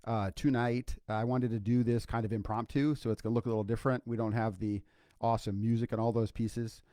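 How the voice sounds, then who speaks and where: An older man from Iowa, a grandfather and clinical psychologist, co-hosts a podcast but speaks alone in an impromptu livestream. His medium-pitched voice is warm, a little fast and fairly monotone, and his earnest, informal talk is full of fillers and repeated points. The recording is dry and studio quality.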